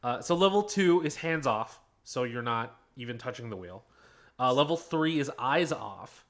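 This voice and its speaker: A man co-hosting a casual podcast, walking friends through his research in a halting way with many fillers. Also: mid-range voice, animated, fairly bright tone. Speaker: podcast co-host presenting research.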